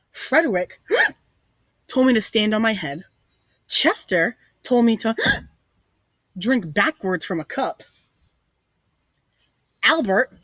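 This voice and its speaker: A woman's voice: medium pitch, fairly bright tone, dry recording. A woman voicing a young male penguin who keeps gasping with hiccups in a read-aloud story for children. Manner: gasping hiccups mid-sentence.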